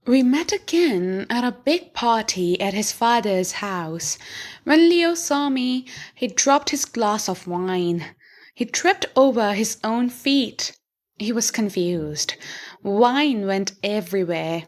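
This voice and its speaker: Woman narrator, slow, deliberate, slightly high voice, learner audio story. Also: lively intonation. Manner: clear, deliberate reading.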